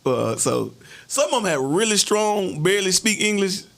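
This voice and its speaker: A man's voice: high voice, big pitch swings, normal speed, gravelly, a bit bright. A man co-hosting a podcast, telling casual anecdotes and chuckling through them. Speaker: podcast co-host. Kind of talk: casual storytelling.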